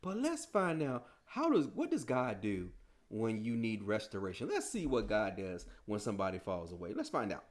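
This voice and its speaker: A man's voice: on the low side, wildly swooping pitch, normal speed. A man preaching a sermon in a casual, slangy style, full of rhetorical questions.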